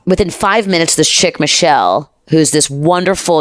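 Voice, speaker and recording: A woman podcast host telling a story in casual chat, animated, dramatic and profane. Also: deep voice, moderate pace, hardly any pauses, dry recording, studio quality.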